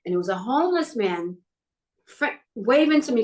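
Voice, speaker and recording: A woman's voice: on the high side, lively intonation, moderate pace, a little mellow, poor audio. A middle-aged woman from New York telling a personal story in a podcast interview, acting out what other people said. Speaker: guest.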